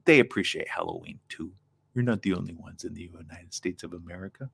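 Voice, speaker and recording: A man's voice: fairly high pitch, normal speed, gravelly, pushed and bright, smooth. A man hosting a live morning show, reading news items aloud and adding chatty, wry asides. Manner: chatty, wry asides between read passages.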